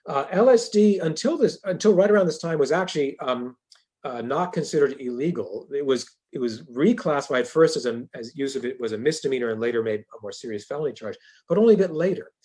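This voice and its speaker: Husky-voiced male professor lecturing. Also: mid-range voice, lively intonation, a little fast, darkish tone. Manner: conversational, fillers and restarts, dry asides. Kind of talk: university lecture.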